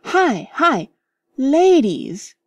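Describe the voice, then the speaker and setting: Woman reader doing fussy middle-aged vicar, shouting, pitched up high, dry booth sound. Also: sing-song, very slow, no echo, heavily acted. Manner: shouted, fussing warnings. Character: flustered middle-aged male country vicar.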